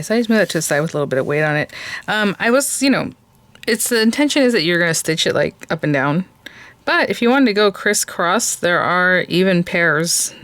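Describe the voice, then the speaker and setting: A woman's voice: fairly low pitch, a bit bright, dry recording. A woman hosting a casual crafting tutorial, chatting and thinking aloud as she works and gushing over cute details. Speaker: crafting channel host.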